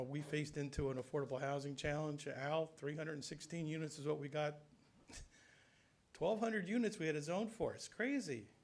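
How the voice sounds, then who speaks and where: A man on a town council giving heartfelt farewell remarks to colleagues at a public meeting, speaking earnestly and conversationally. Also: on the high side. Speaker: council member.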